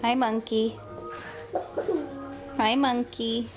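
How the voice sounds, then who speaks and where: A woman's voice: fairly high pitch, little pitch movement, very slow, music in the background. A mother filming at home, coaxing and teasing her young son and the family dog in a playful sing-song way. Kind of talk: casual home video. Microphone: handheld camera.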